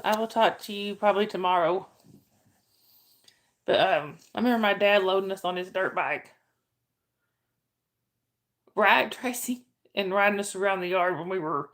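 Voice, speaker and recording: A woman with a medium-pitched, slightly bright voice chats away on a casual livestream. She's middle-aged, greets her viewers by name, and answers the questions they post in chat.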